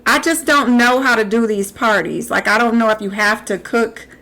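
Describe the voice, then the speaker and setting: A young adult woman streaming live, giving animated gameplay commentary and talking back to the characters on screen. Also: a little high, moderate pace.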